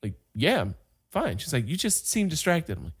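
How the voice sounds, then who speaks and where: Animated, laughing podcast co-host, male. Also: on the high side, moderate pace, slightly rough. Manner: animated storyteller, laughs often, acts out quotes. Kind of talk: casual chat.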